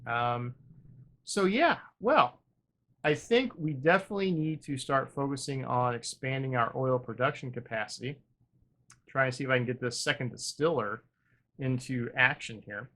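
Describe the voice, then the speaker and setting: A man hosting a gaming video, thinking aloud in casual commentary with wry, self-deprecating humor, drifting between upbeat remarks and quiet muttering. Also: mid-range voice, normal speed. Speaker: gaming channel host.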